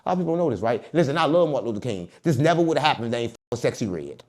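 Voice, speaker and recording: Speaking very fast in a mid-range voice, a man tells a casual story as an interview guest. He's animated and joking, mimicking the people he describes.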